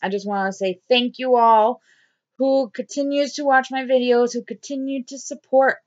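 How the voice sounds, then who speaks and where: A woman's voice: high voice, steady tone, moderate pace, dull audio. A woman vlogger talking straight to camera in a blunt, repetitive diary-style video. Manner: blunt, swearing, repeats herself. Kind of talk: angry diary vlog rant.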